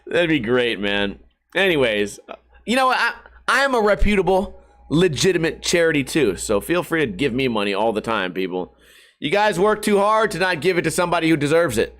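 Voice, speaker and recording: A man's voice: fairly high pitch, sing-song, normal speed, a bit bright. A man in his thirties talking casually to camera at home, rambling and joking with lots of swearing. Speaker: vlogger. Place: hot house.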